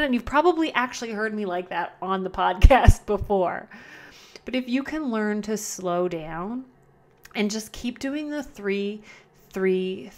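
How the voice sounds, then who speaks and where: A woman with a medium-pitched voice hosts her own casual solo podcast from home, recorded on a camera sitting close by. She's chatty, repeats herself and corrects herself, and often slows down on purpose to model calm breathing.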